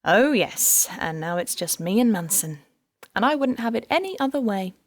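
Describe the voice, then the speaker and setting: A woman's voice: medium pitch, very animated, normal speed, no echo, studio quality. An audiobook narrator, a woman, voicing a heartbroken female detective who tells her past with wry bitterness. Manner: wry, rueful storytelling.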